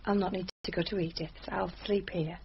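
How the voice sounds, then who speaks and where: An actress playing a restless young village wife, guarded and falsely polite. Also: female voice, on the low side, steady tone, a little fast, creaky, lo-fi sound, noisy background.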